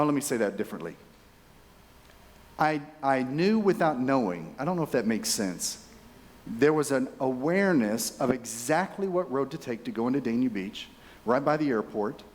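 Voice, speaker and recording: A man, giving a conference keynote as a lively storyteller who speaks straight to his audience. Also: medium pitch. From Texas. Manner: animated, chatty, addresses audience directly. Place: conference hall. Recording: reverberant conference hall.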